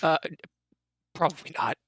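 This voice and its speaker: A man narrating a tabletop game as dungeon master, in a loose, halting way with spoken sound effects. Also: a bit bright, no room sound.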